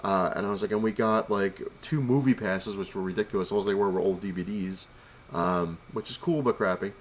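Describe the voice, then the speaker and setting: Low-voiced man rambling through a story. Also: brisk. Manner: rambling, retells exchanges with "I was like"; annoyed complaining. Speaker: vlogger. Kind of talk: casual storytelling to camera.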